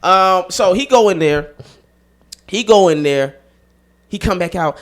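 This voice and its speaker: A man hosting a comedy podcast, telling a profane story and acting out the people in it with loud bursts. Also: high-pitched, expressive, unhurried. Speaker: podcast host.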